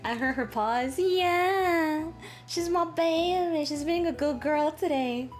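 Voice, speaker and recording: A woman's voice: high-pitched, measured pace, soft background music. A woman from Latin America streaming from her apartment with a sore throat, chatting casually and animatedly with her chat and swearing freely. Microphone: travel microphone.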